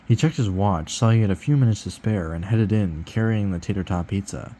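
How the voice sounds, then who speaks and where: A man's voice: low voice, moderate pace, mellow. A man reading a children's book aloud, breaking off for sarcastic, cursing asides.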